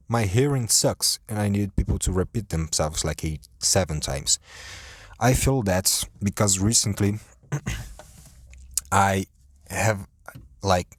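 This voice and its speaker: A man's voice: deep voice, darkish tone, dry recording. A tired man rambling profanely on his own podcast, stumbling and restarting his sentences. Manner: rambling, profane, self-interrupting. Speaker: podcast host.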